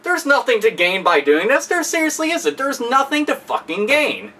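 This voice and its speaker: A man's voice: very high voice, wildly swooping pitch, moderate pace, pushed and bright, a little hiss or hum. A man hosting a video, ranting angrily with heavy profanity and sarcasm, recorded a bit far from the mic. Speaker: video host. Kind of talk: angry ranting commentary.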